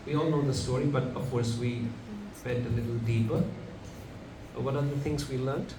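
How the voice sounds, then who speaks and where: A man speaks to a live gathering, telling a sacred story with animated delivery and pauses for his listeners. He sits at a distance from the mic in a roomy, echoing hall. A constant background noise hangs under the voice. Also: medium pitch. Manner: animated, acts out characters, asks the audience questions. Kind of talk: devotional storytelling talk. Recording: echoey room from far off, background noise.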